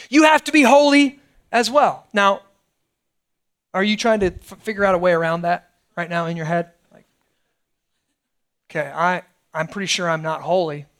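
A middle-aged pastor preaching a sermon in a conversational way, often checking in with the congregation. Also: male voice, very high voice, a bit bright. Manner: conversational preaching, frequent "right?" asides.

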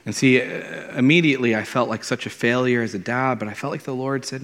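A man's voice: medium pitch, fairly quick, few pauses, a bit bright. A man, a pastor, preaching a conversational and earnest sermon in his thirties, often repeating words as he starts a thought. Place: church sanctuary. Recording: long hall reverb.

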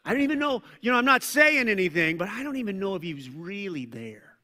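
A man voicing a gossiping Israelite in a whispered role-play, hushed and conspiratorial as he spreads a bad report. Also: high voice, sing-song, fast, long reverb tail, exaggerated voice.

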